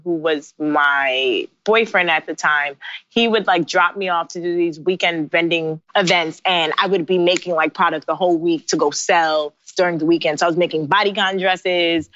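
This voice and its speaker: Lowish woman voice, chatty guest in her thirties, dry close sound. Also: dry recording. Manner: animated, laughing asides, acts out her own past lines. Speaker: guest, bridal designer. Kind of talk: casual interview storytelling. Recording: dry, slightly dull sound.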